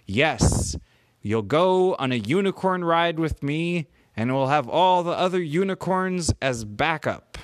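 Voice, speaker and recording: A man voicing a wise, knowing male unicorn in a made-up children's story, speaking with calm assurance. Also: fairly high pitch, takes it slowly, no room sound, voice pushed up.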